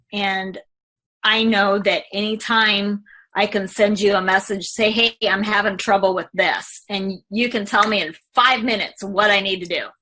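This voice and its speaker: A woman telling an interviewer about her experience as a client, halting with many fillers and tearful at times. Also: medium pitch, sharp tone. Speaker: client giving a testimonial. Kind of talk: emotional testimonial interview.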